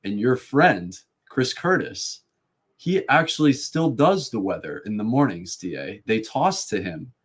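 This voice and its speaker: A man's voice: on the low side, sing-song, a little slow, husky. A man from the Boston area co-hosting a live sports show, easygoing and chatty, reading out viewer donations. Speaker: co-host. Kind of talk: casual live show chat.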